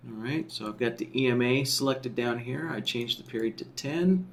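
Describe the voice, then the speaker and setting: A man teaching a software tool in a screen-share tutorial, explaining step by step and often checking in with "right?" while he thinks aloud. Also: medium pitch, moderate pace, slight background noise. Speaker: software trainer.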